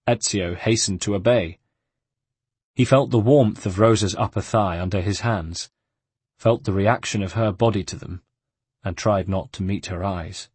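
A man reading a novel aloud as an audiobook narrator in a measured, even way. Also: lowish voice, husky, dry recording. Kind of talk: scripted narration.

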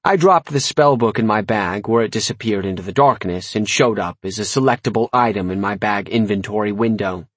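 A man reading a comic first-person audiobook with wry, lively storytelling. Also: on the low side, brisk, few pauses, dry recording. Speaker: audiobook narrator.

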